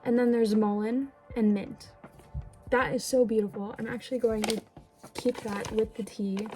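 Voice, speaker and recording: A young woman talks casually to her camera at home, gushing over each gift and scattering fillers and sorries as she goes. Her voice sits a little high with a mellow, warm tone. Soft background music plays faintly behind her. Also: steady tone, moderate pace, rough recording. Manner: gushing, chatty, many fillers and apologies. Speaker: vlogger. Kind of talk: casual vlog unboxing. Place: indoors at home.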